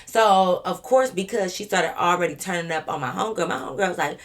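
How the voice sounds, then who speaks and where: Young woman vlogger, swears a lot, animated, voice on the low side. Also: quick pace. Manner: animated, profane, acts out quotes. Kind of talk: casual storytime.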